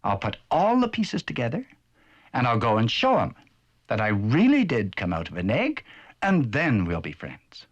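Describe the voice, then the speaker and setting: A man's voice: medium pitch, wildly swooping pitch, normal speed. A man voicing a newborn male chick in a children's cartoon, speaking with earnest, childlike wonder. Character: tiny newborn male chick, innocent, eager.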